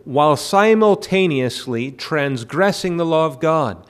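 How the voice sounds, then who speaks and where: A man preaching a sermon at a midweek prayer meeting, often pausing with fillers and repeated words. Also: on the high side, animated, clean tone. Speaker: pastor. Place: church.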